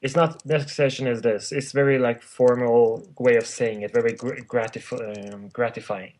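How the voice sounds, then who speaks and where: A man's voice: medium pitch, fairly even intonation, darkish tone. Podcast guest: man, Farsi native, laughs easily, teasing and loose. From Norway. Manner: playful, laughs often, fast in his native tongue. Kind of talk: casual podcast chat.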